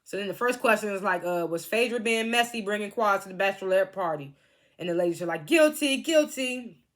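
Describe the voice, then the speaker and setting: A woman casually recapping a reality TV reunion, chatty and laughing often as she quotes the cast. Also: mid-range voice.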